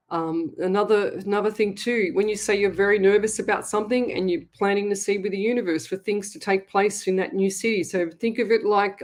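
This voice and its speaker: A woman with an Australian accent hosting a live psychic show, who reads out viewer questions and tells animated stories in a chatty way. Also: mid-range voice, moderate pace. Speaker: psychic medium host.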